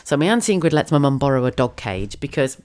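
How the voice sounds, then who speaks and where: A woman's voice: extremely low pitch, very animated, quick pace, darkish tone. Chatty woman with a cold. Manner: chatty and storytelling, laughs often. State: has a head cold. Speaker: podcast host. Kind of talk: casual monologue.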